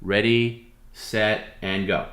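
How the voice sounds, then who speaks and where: A man with a lowish voice calmly giving orders and pushing for more during live stream banter. His voice rings in an echoey room. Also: slow pace. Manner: bossy, deadpan instructions. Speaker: stream co-host.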